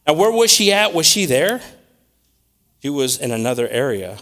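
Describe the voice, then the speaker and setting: A man preaching a sermon, swinging between loud scripture reading and quiet, repetitive asides. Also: a little high, very animated, normal speed, pauses often. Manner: repeats words while searching for them.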